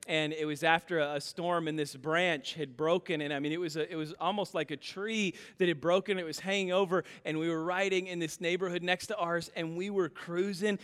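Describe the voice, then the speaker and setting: A man in his thirties preaches in a big hall with a long echo, and his voice rings high and bright. He tells family stories with lively, acted-out lines. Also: clear, resonant tone. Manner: animated storytelling, acts out dialogue. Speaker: pastor. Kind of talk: sermon with personal stories.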